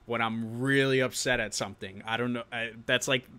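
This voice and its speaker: Bright-voiced New York guy chatting. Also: medium pitch, steady tone, brisk, clear, resonant tone. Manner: chatty, laughs often, reacts to chat. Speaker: live-stream show host. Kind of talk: casual live-stream chat.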